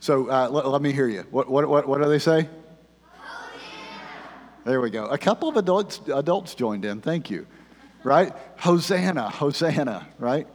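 A male pastor preaching a sermon in church into a microphone, filling his talk with "uh" and moving between loud rallying and hushed prayer. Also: mid-range voice, animated, fairly quick. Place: church sanctuary. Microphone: handheld microphone. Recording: long hall reverb.

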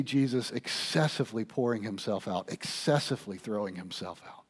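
Husky preacher man, loud and soft swings. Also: on the low side, moderate pace. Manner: swings from quiet to loud, animated storytelling. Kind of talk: sermon.

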